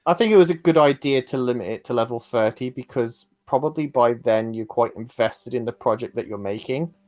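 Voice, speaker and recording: A man's voice: medium pitch, brisk, a little mellow. A man co-hosting a podcast, chatting casually and agreeably, often murmuring assent. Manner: agreeable, frequent mm's.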